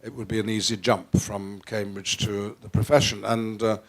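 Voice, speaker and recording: An older actor from England's northwest, with Received Pronunciation faintly tinged by northern traces, sits for an interview on a theatre stage in front of an audience. His voice is fairly low and flat at a moderate pace, yet his manner is theatrical and playful, full of restarts and abrupt shifts in volume.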